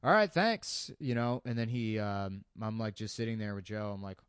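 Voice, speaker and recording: A podcast host in casual chat, telling a laid-back anecdote. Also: male voice, on the low side, flat delivery, a little fast, a little mellow, clear, resonant tone, no echo, clean studio sound.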